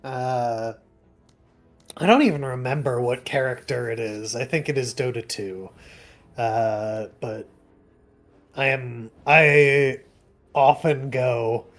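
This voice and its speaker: A man co-hosting a game stream in casual chat, hesitant and full of pauses and fillers. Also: medium pitch, fairly bright tone. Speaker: stream co-host.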